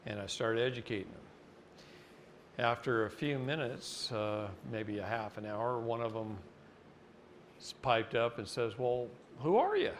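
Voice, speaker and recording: A man's voice: fairly even intonation, measured pace, long pauses, a bit bright, a little hiss or hum. A man from Oregon giving a seminar lecture, blunt and folksy, telling a story and then explaining a point. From Oregon, United States. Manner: folksy and blunt, acts out quotes with jumps in pitch. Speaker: seminar speaker.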